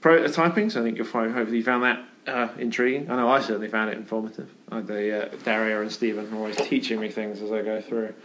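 A man's voice: lowish voice, fairly even intonation, quick pace, few pauses, fairly bright tone. A man hosting a casual podcast chat in an office, telling a rambling story with plenty of fillers. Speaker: podcast host.

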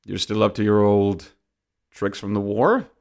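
Gruff scruffy ex-soldier guy, wary, plain talk, a game master voicing him. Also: fairly low pitch, unhurried, a little mellow. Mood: wry. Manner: plain speech, no accent attempted.

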